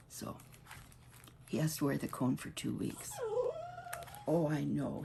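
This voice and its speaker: A woman with a low, gravelly voice talks through a crafting tutorial at home. Her chat rambles and often stops and restarts mid-sentence. There is a faint hiss of noise behind her. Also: fairly even intonation, takes it slowly, pauses often.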